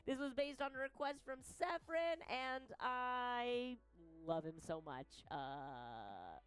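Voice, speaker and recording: A woman's voice: on the high side, lively intonation, takes it slowly, clear, resonant tone, faint music behind. A woman hosting her balloon art stream, chatting casually in a playful, gushing way. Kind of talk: casual chat.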